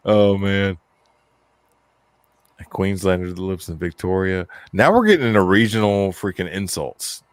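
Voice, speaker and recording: A man's voice: low-pitched, animated, measured pace, clear, resonant tone, no echo. A man co-hosting a casual live-stream chat, joking and cursing as he reads out viewer comments. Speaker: podcast co-host.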